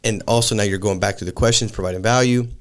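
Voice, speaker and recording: A man's voice: on the low side, fairly even intonation, quick pace. A man in his thirties hosting a casual podcast chat, laid-back and calling his guest dude and man. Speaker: podcast host.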